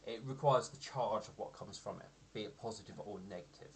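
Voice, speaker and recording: Hesitant low-voiced man running a game. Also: fairly quick, slight background noise. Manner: hesitant, many ums and restarts. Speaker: game master. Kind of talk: narrating a tabletop game.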